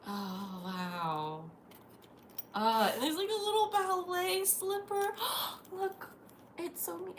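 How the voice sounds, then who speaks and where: A young woman live-streams a casual unboxing from home at night, gasping and gushing with delight as she talks to viewers. Her high voice moves at a measured pace, and the sound is roomy, with noisy home-stream audio.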